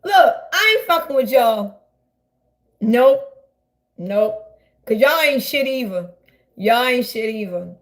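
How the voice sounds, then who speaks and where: High-voiced woman ranting profanely on a live stream. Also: expressive, slow pace, pauses often. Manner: loud, profane, rambling, talks straight to viewers. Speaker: livestreamer. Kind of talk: casual live-stream rant.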